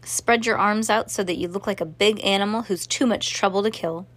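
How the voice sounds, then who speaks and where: A woman's voice: mid-range voice, fairly quick, fairly bright tone, natural voice. A woman voicing a shabby old lion tamer who lectures in a showy, reassuring way, in a storybook reading. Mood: lecturing.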